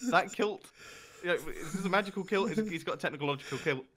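A man's voice: high-pitched, fast, fairly bright tone. A man in casual gaming chat, playful and giggly, rambling as he talks. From Britain.

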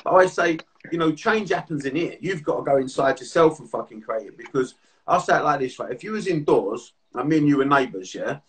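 A man hosts a podcast and tells a story in a rapid, animated rush, swearing as he goes. His voice sits a little high. He sounds set back from the microphone. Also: distant mic. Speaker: podcast host and therapist. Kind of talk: casual podcast chat.

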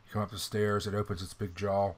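A man running a tabletop game as game master, casual and profane, often clearing his throat. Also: fairly low pitch, flat delivery, quick pace, a little hiss or hum.

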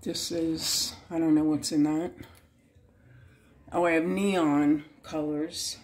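A woman giving a casual, unhurried tour of her home craft room, pointing things out one by one. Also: low voice, steady tone, a little mellow.

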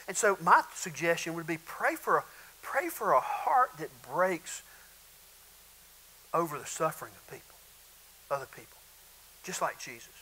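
A man's voice: high voice, bright, forceful tone, rough recording. A middle-aged man preaching a sermon, folksy and storytelling, acting out little bits of dialogue. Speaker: pastor.

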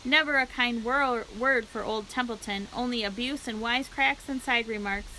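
A woman's voice: a little high, normal speed, sharp tone, a little hiss or hum, poor audio. A woman voicing a lazy male rat who grumbles and mocks sarcastically, in a storybook read-aloud. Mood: mocking. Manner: sarcastic, mocking and complaining.

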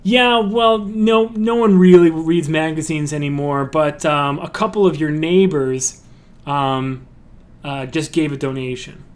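Guy putting on a pushy young magazine kid, kinda high voice, guilt-trippy sales pitch. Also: fairly even intonation, measured pace, natural voice. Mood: wheedling.

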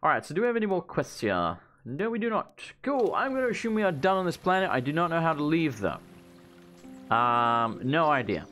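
A man with an Australian accent chats and jokes through a let's play, rambling from thought to thought. His pitch swings widely as he talks. Faint game music sits beneath his voice. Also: a little fast. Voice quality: animated, joking, rambling. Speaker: gaming YouTuber.

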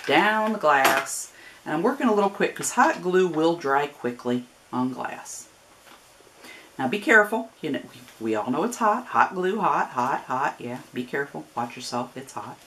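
A woman from Northern Ohio with a Northern US accent that has picked up a Southern twang, giving a chatty, folksy step-by-step craft demonstration with friendly warnings and rambling asides. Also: deep voice. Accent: Northern US with a growing Southern twang. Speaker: craft tutorial host.

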